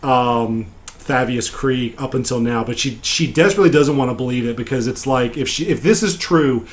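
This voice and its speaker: Man recapping a game, halting and rambling. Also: mid-range voice. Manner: rambling storytelling with frequent pauses and fillers. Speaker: game master recapping a session. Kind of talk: casual podcast recap.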